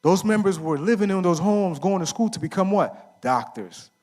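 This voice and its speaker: A man's voice: high voice, expressive, normal speed, darkish tone. A middle-aged man giving a casual, story-filled talk at a men's conference, asking the audience questions and answering them himself. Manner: casual, uses slang and fillers like "right?". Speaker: conference speaker.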